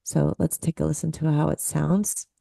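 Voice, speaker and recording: Female lecturer on a video call: deep, fry-edged voice, patient, counts beats aloud. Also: steady tone, moderate pace, mellow, dry recording, studio quality. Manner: explanatory, counts beats aloud, laughs at her own slips. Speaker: musicology professor presenting.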